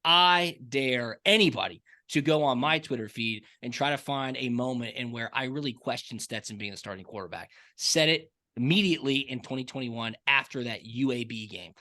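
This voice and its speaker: A man hosts a casual sports podcast, chatting with enthusiasm and quick storytelling asides. His voice is bright and forward, and his pitch sits in an ordinary middle range for a man. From Atlanta, Georgia. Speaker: podcast host.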